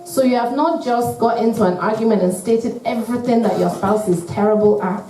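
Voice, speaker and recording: A woman giving an earnest, measured talk to couples at a church, acting out sample phrases as she teaches. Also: on the high side, warm tone. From United Kingdom. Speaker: church marriage speaker. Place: church hall. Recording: echoey hall, mic at a distance.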